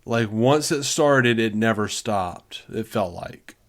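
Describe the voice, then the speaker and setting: A man co-hosting a podcast in casual chat, animated and mocking. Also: fairly low pitch, slow pace. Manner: animated, mocking, breaks into laughter. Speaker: podcast co-host.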